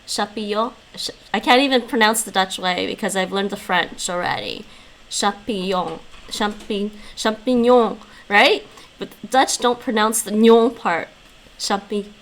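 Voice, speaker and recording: A woman's voice: medium pitch, measured pace, a bit bright. A woman streaming, chatting casually and laughing often as she reacts. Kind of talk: casual live-stream chat.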